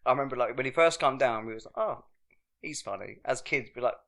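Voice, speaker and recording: A man's voice: mid-range voice, very fast, fairly bright tone. A young man from England, co-hosting a podcast, telling rambling stories in casual pub chat. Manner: rambling storytelling with frequent laughter. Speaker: podcast co-host.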